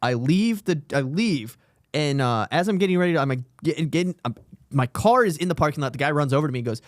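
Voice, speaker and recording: Fast-talking comic man, dry close sound. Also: a little high, animated, no echo. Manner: rapid, profane anecdotes acting out both sides. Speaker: comedian podcast co-host. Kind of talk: casual chat, comic storytelling.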